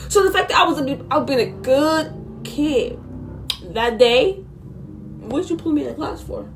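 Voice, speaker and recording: A woman's voice: high voice, lively intonation, unhurried, faint music behind. A young woman telling a storytime vlog in an indignant, sassy way, with asides to her viewers. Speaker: vlogger.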